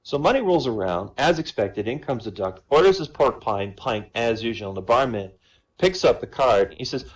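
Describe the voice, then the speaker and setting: A man telling jokes at a voice comedy show, in a casual, chatty storytelling way. His pitch is mid-range but very lively, rising and falling through the punchlines. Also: normal speed, rough recording.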